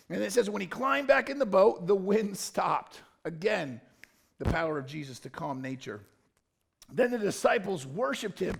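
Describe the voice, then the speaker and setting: A man's voice: sits high, animated, normal speed, creaky, slightly rough. A man preaching a casual, conversational sermon as a pastor, joking and wandering into loose asides. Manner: informal, joking, rambling asides. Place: church.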